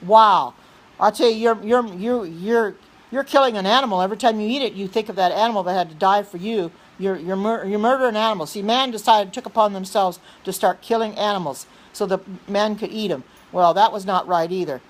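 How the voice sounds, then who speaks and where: A woman hosting a livestream, talking insistently and earnestly, often repeating herself, restarting sentences and clearing her throat. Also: mid-range voice, fairly quick. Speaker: livestream host reading chat. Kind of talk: earnest preaching livestream chat.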